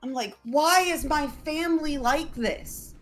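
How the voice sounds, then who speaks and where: A young woman hosting a casual chat, telling family stories in an animated way and imitating her parents in raised voices. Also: sits high, measured pace, a little hiss or hum. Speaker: vtuber host.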